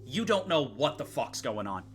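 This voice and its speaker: A man's voice: medium pitch, very animated, normal speed, faint music behind. A man narrating a tabletop game as game master, in a vivid, casual way and swearing freely.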